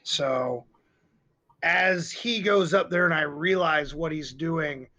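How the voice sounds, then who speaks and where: A man's voice: a little high, slow pace, sharp tone, lo-fi sound. A man playing a tabletop game, chatting casually in an offhand, joking way. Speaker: player.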